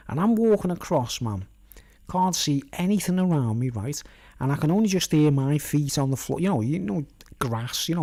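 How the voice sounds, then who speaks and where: A man's voice: mid-range voice, mellow. A middle-aged man with a Merseyside accent telling a long rambling story, forever tagging on "right?" and "you know what I mean?". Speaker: vlogger. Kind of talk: rambling anecdotal monologue.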